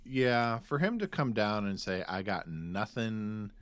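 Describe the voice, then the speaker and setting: A man co-hosting a casual rewatch podcast, dry and quick to laugh. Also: lowish voice, expressive, fairly bright tone, clean tone, dry recording. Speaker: podcast co-host.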